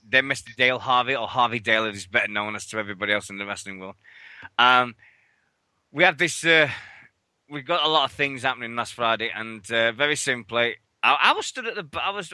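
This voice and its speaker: Very bright-voiced radio host. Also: male voice, medium pitch, a little fast, clean tone, dry recording. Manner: chatty, sweary, acts out others' lines. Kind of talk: casual chat radio storytelling.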